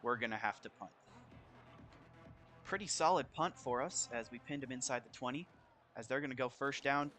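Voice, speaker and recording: A man's voice: medium pitch, moderate pace, pauses often, a little hiss or hum. A young man in his college years giving casual play-by-play commentary over his football video game, keeping his voice down at home. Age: young adult. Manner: casual, chatty, spikes with excitement on big plays. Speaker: gameplay commentator. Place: shared home, speaking quietly for roommates.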